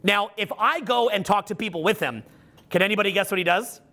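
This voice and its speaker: Middle-aged man, seminar coach, high and bright, animated storytelling with salty language. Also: fairly quick. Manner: animated, profane storytelling with acted-out quotes. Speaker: social skills coach. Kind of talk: live seminar talk.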